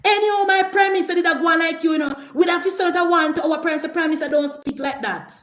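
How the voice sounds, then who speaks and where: A woman's voice: extremely high pitch, rapid-fire, a bit bright, roomy sound. A woman with a Jamaican accent delivering an impassioned political rant as a commentator, scolding and emphatic, hammering the same attacks again and again.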